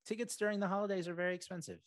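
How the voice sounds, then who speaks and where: A male podcast host with a high-sitting, steady voice talks casually and at a racing pace. He rambles, full of fillers and restarts, with no room sound.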